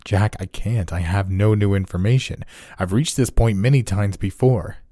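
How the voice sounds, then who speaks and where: Man doing a clinical, manipulative doctor for a horror reading: very low, mellow, level-headed. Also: steady tone, normal speed, dry recording, clean studio sound, natural voice. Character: cold, secretive male doctor running experiments.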